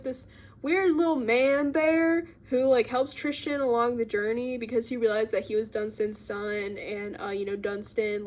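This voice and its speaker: A woman's voice: fairly high pitch, a little mellow. Rambling young woman recapping a book. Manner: rambling, filler-heavy, giggly asides. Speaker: book vlogger.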